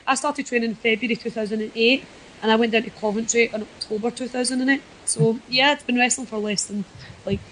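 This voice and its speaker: A woman's voice: fairly high pitch, fairly even intonation, fast, fairly bright tone, slight background noise, low-quality recording. A Scottish woman, a wrestler guest, chatting casually and self-deprecatingly in a podcast interview. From Scotland.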